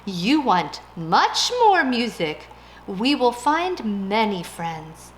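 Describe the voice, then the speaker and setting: A cheerful cricket who can't hear a thing, read by a woman. He stretches out his puzzled questions at a slow, lively storybook pace. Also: medium pitch, roomy sound, slight background noise. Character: cheerful hard-of-hearing male cricket.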